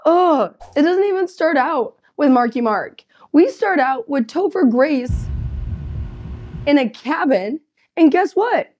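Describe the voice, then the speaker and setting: A woman comedian giving a sarcastic, animated movie recap. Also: high-pitched, slow pace, muffled recording.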